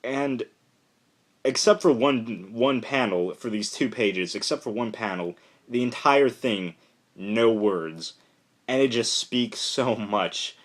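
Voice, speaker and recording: A young man giving a casual, rambling spoken review of a comic, retelling the plot excitedly with lots of fillers. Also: mid-range voice, takes it slowly.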